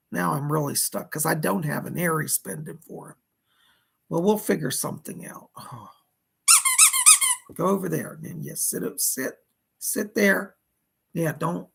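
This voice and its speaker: A man's voice: a little high, normal speed, gravelly, pauses often, background noise. A man hosting a casual psychic livestream, chatty and fussy, greeting viewers and scolding a pet companion.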